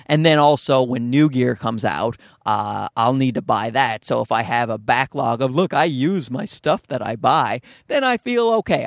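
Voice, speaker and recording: A man's voice: medium pitch, dry recording, clean studio sound. A man, a stand-up comedian, talking through a casual solo podcast monologue, rambling and running himself down, now and then slipping into mock voices. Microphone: studio mic through a field recorder.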